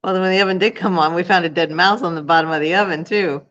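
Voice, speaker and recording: A woman's voice: fairly low pitch, fairly even intonation, fast talker, a bit bright, highs cut off. Chatty older grandmother on a livestream. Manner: chatty, giggly, reading out viewer comments. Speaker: co-host. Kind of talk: casual livestream chat.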